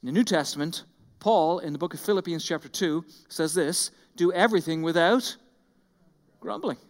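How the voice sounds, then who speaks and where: Male pastor, high voice, mid-sermon, reads scripture slowly and with weight, long echo of a big hall. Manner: slows down and stresses scripture readings, speaks directly to the congregation.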